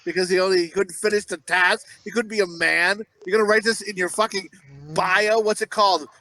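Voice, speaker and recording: A man co-hosting a podcast, riffing crude jokes in rapid banter and acting out quoted voices. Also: sits high, steady tone, sharp tone, no echo, low-quality recording. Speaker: podcast co-host.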